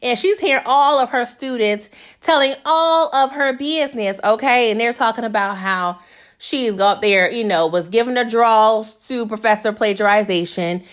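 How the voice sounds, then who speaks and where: A woman's voice: a little high, moderate pace. A woman hosting a casual TV episode recap, chatty and slangy, tossing sassy asides to her viewers.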